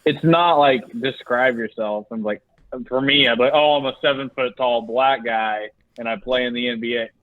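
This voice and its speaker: A man's voice: medium pitch, steady tone, moderate pace, no echo. A young man co-hosting a casual podcast, telling rambling stories and laughing as he talks. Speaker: podcast co-host. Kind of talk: casual chat. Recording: dry, tinny phone-like sound.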